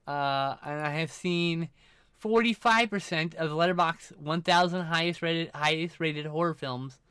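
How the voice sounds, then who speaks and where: A man's voice: a little high, fairly bright tone, smooth, dry recording, clean studio sound. A man chatting casually on a live stream, rambling and swearing a little while talking to his chat, sleepy and yawning.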